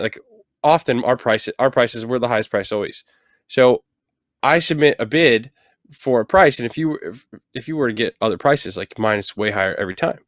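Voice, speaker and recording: A man's voice: mid-range voice, no room sound, clean studio sound. A man hosting a podcast in casual conversation, thinking aloud about how contractors present themselves. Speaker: podcast host, painting contractor.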